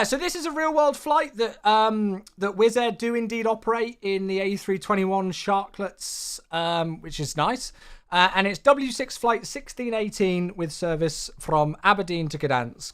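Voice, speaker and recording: A man chatting casually on a flight-sim live stream, excitable and effusive toward his viewers, sounding tired. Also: high-pitched, normal speed, clean tone.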